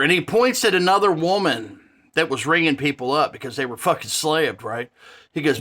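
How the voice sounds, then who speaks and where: A man's voice: on the high side, animated, measured pace, bright, forceful tone. A man telling a story in an angry, profane rant, rambling and heated.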